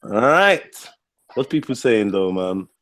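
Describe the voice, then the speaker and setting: A man's voice: lowish voice, sing-song, slow pace. A man hosting a stream, joking in slang and laughing often. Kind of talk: casual chat. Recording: loud crowd noise behind.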